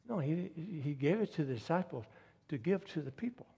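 A man's voice: fairly high pitch, animated, fairly quick, vocal fry, mellow, breathy edge. Man preaching a sermon in a reverberant hall. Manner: storytelling, rising to emphatic appeals.

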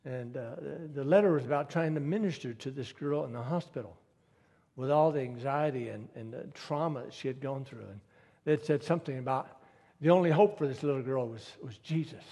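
A man's voice: medium pitch, a little fast, mellow, slightly rough. Man preaching a sermon in a reverberant hall. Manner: storytelling, rising to emphatic appeals.

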